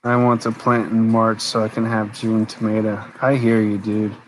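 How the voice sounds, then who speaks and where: A weary man talks loosely on a late live stream, his low voice staying flat and even. He rambles and answers viewers as he goes, and a faint hum of ambience sits behind him. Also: normal speed, rough recording. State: tired, yawning. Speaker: homesteader live-stream host. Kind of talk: casual live-stream chat.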